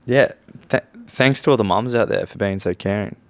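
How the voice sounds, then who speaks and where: A man's voice: on the low side, moderate pace, creaky, no echo. Easygoing man, rambling chat. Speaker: podcast co-host. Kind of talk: casual chat.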